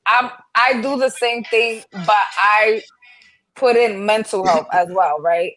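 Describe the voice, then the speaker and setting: A woman co-hosting a podcast, explaining her view at length in casual chat and thinking out loud. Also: mid-range voice, slow pace. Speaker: podcast co-host.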